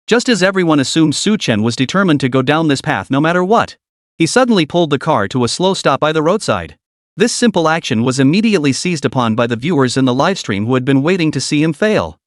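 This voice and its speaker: Expressive male story narrator. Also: on the high side, brisk, dry recording, clean studio sound. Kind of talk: scripted narration.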